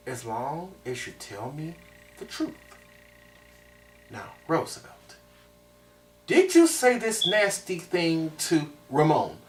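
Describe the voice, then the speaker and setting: A man voicing a stern, menacing male schoolteacher in a low, threatening voice, while telling a story in a vlog. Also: slight background noise. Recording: roomy sound from a distant mic.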